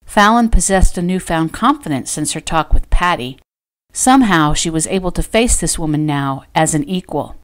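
Woman narrating her own novel, lowish voice. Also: lively intonation, normal speed. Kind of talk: audiobook narration.

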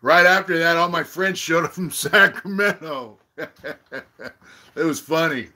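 A middle-aged man talks through a rough, profane story in a casual live-stream chat. His voice sits a little high and comes out bright and forceful. He jumps into loud quotes of the people he argued with. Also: a little slow. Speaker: channel host.

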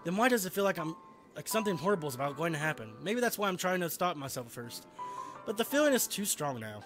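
A man reading a video game's lines as an obsessive, lovestruck teenage girl, in a soft, intense voice. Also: fairly high pitch, big pitch swings, fast talker, music in the background. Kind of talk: voicing game dialogue.

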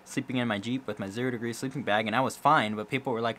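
A man's voice: medium pitch, fairly even intonation, fast, fairly bright tone, slight background noise. A young man from Kansas chatting casually for his vlog, rambling and joking. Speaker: vlogger.

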